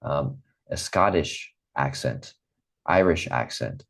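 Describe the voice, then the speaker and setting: A man from the American Midwest with a plain General American accent, teaching an online English class in an encouraging way, repeating phrases and often pausing with um. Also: a bass voice, lively intonation, creaky, a bit bright. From Midwest United States.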